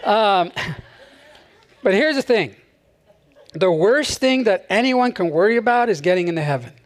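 A man with a notably high voice preaches to his congregation. He keeps it light and chatty, with frequent little laughs between phrases. His tone stays friendly and unhurried throughout. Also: lively intonation. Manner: conversational, chuckles often between phrases. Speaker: pastor. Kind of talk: sermon. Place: church service.

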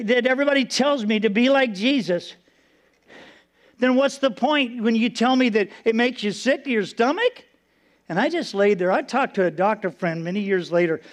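A man gives a sermon built around his own testimony, telling it in an earnest, story-driven way and letting his voice go soft and low at the solemn moments.

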